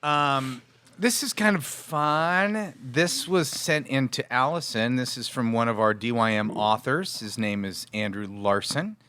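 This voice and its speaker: A man co-hosting a podcast in easy, chatty banter. His voice is bright and forward, recorded close and dry with no room sound. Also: medium pitch, expressive, unhurried, smooth, no echo. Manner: chatty, reads listener emails aloud. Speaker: podcast co-host.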